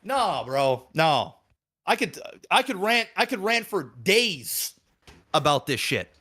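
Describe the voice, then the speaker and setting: A man's voice: high voice, big pitch swings, takes it slowly, bright, forceful tone. A man co-hosting a podcast, ranting heatedly and swearing a lot in casual chat. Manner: profane, heated, repetitive. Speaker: podcast co-host.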